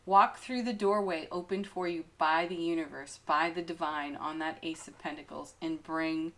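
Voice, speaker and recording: A woman's voice: deep voice, steady tone, moderate pace, fairly bright tone. A woman doing a daily tarot card reading, talking through the cards with frequent giggles and enthusiastic exclamations. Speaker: tarot reader.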